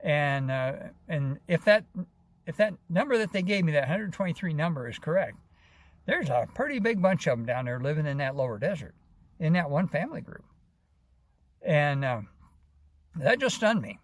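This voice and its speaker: Older American man, folksy rambling vlogger, somewhat high and very animated pitch, dry close sound. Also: moderate pace, no echo. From United States. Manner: rambling, folksy, many restarts and "you know". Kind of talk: casual first-person storytelling.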